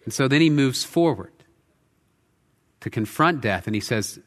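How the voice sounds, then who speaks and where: A male pastor preaching a sermon in a church, earnest, shifting between intense emphasis and quiet reflection. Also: mid-range voice, lively intonation, a little slow. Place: church sanctuary. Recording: long hall reverb.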